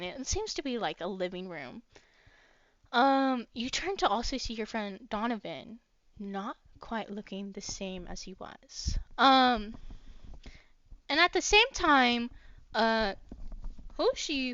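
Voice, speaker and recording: A high, bright woman's voice narrating a tabletop game at an unhurried pace, with plenty of ums along the way. The sound is dry, close and a little dull and lo-fi, like a home stream mic. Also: dry recording. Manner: unhurried, many fillers. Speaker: game master.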